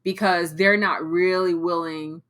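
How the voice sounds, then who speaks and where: A woman sales coach on a live coaching call, blunt and animated, swearing and mimicking her clients. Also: fairly low pitch, measured pace, clear, resonant tone.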